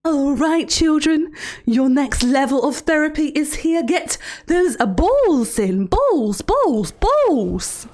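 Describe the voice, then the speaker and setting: In a live-stream role-play, a woman streamer plays a creepy, teasing villain therapist who hosts cruel trials, purring threats between cheery greetings in playful mockery. Her full character voice is high yet darkish, sing-song and slow, swooping up and down and stretching words with fake sweetness.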